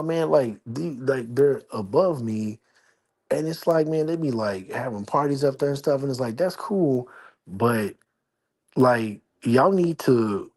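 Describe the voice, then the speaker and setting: A man's voice: medium pitch, a little mellow. A man chatting casually on a livestream from his apartment, rambling and slangy while keeping his voice down. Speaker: livestream host. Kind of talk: casual live-stream chat. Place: at home, apartment.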